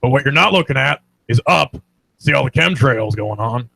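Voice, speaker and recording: A man's voice: mid-range voice, lively intonation, normal speed, vocal fry, bright, forceful tone, full character voice, poor audio. A young man doing a ranting conspiracy radio host. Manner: paranoid, lecturing.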